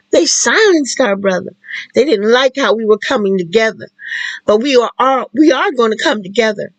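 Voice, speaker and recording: A livestream host talking while in tears, halting and repeating phrases. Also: medium pitch, no room sound, poor audio. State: tearful. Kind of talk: emotional spoken-word livestream talk.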